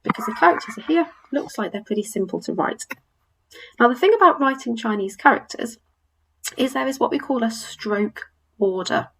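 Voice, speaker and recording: A woman teacher giving a recorded webinar lesson over slides, upbeat and encouraging, slowly modelling sounds for learners. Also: a little high, lively intonation, vocal fry, slightly rough, poor audio. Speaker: language teacher.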